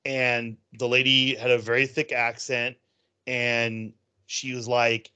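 A man's voice: medium pitch, flat delivery, slow pace, bright, forceful tone, smooth, muffled recording. A man co-hosting a casual chat about theme park news, rambling through stories with plenty of ums. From California. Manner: rambling storyteller, many ums. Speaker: podcast co-host.

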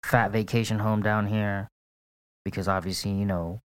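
A man's voice: fairly low pitch, little pitch movement, normal speed, smooth, no echo. A young man co-hosting a casual podcast, laid-back, swearing a lot and laughing often. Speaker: podcast co-host. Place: apartment in St. Petersburg, Florida.

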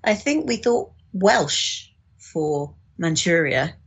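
A woman's voice: on the low side, animated, slow pace, breathy edge. A woman, an audiobook director, explaining her work in a casual discussion with frequent restarts. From United Kingdom.

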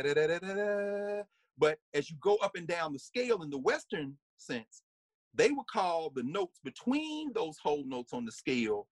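A man giving a conversational lecture, animated and laughing often, sometimes singing snippets and acting out voices. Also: on the high side, breathy edge, dry recording.

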